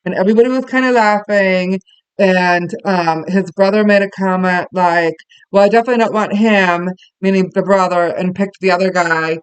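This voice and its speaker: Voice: mid-range voice, smooth, no echo, poor audio. A parenting teacher speaking earnestly and conversationally to parents, telling personal stories with many fillers and restarts. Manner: tells personal stories to the listeners.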